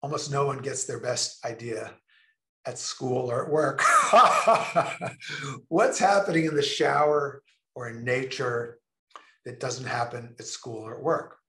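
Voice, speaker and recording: Slow, emphatic man presenting. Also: medium pitch, fairly bright tone, echoey room. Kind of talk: online presentation.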